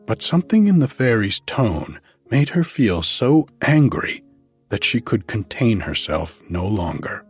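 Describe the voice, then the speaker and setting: A man calmly reading a fairy tale aloud as a bedtime story. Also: lowish voice, husky, faint music behind. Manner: calm, measured.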